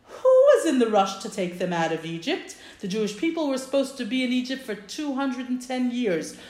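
A woman's voice: fairly high pitch, lively intonation, brisk, a little mellow, reverberant, lightly acted. A woman voicing an earnest prophet who pleads emphatically on behalf of his people. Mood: pleading. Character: old male prophet, earnest defender.

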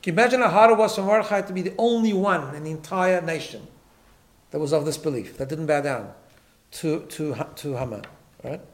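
A man's voice: fairly high pitch, a little fast. A man teaching a Torah class, emphatic, often repeating words and checking in with "right?". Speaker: rabbi.

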